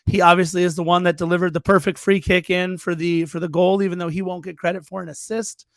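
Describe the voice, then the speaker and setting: Co-host, man, high gravelly voice, excitable match retelling, dry sound. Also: fast, no echo. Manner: eager, excitable play-by-play retelling. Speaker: podcast co-host. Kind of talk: casual soccer recap chat.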